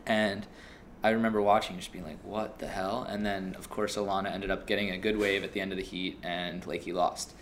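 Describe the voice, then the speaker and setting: A man's voice: low voice, level tone, a little fast, a bit bright, slight background noise. A man hosting a casual podcast chat, talkative and loose, swearing casually as he asks questions. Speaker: podcast host.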